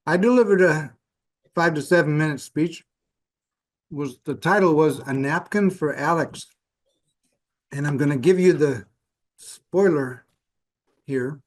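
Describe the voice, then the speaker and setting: A man's voice: a little high, measured pace, pauses often. A man describing his upcoming speech in a wry, joking way. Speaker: club speaker. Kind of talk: casual speech preview.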